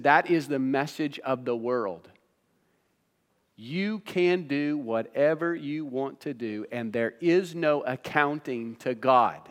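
A man's voice: fairly high pitch, fairly bright tone. A man preaching a sermon as pastor, posing rhetorical questions and building emphasis as he teaches. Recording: long reverb of a hall.

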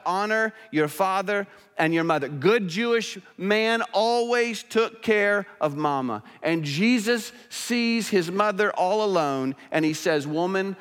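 A male pastor delivering a sermon in a church, earnest and swinging between emphatic and hushed. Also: sits high, clear, resonant tone. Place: church sanctuary. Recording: church hall reverb.

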